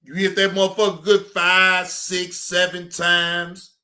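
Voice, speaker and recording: A man's voice: high voice, completely flat delivery, measured pace, sharp tone. A middle-aged man hosting a stream, ranting casually in a drawling, profane, emphatic way. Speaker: streamer host. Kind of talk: casual live-stream rant.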